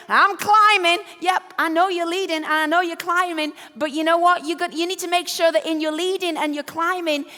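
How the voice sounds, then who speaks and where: A woman's voice: sits high, sharp tone. A woman in her fifties from Yorkshire with an English accent, giving a motivational keynote on an event stage, telling stories with self-deprecating humor. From Yorkshire, England. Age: 50s. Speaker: conference speaker. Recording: echoey hall.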